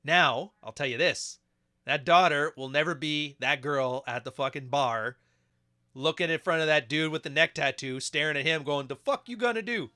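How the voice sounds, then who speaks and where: Male podcast host, bright punchy voice, crude joking reaction commentary. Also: a little high. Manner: crude, joking, frequently laughing.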